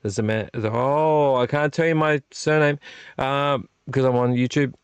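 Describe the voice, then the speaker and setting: A man's voice: mid-range voice, fairly even intonation, normal speed, clear, resonant tone, dry recording. Tipsy rambling man on a live stream. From Australia. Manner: rambling, digressive, talking to chat. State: tipsy from drinking. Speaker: vlog host. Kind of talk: live late-night chat stream.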